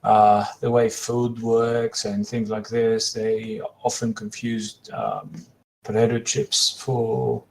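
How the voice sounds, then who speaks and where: A man talking as a player in a casual podcast chat, halting and filling his sentences with pauses and fillers. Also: on the low side, slight background noise.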